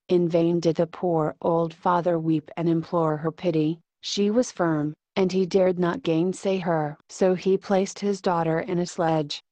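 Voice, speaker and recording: A woman reads a fairy tale aloud in a measured, steady manner. Her voice sits somewhat low and sounds close and dry, with no room around it. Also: no echo. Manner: measured, even storytelling. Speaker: storyteller. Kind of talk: scripted fairy-tale narration.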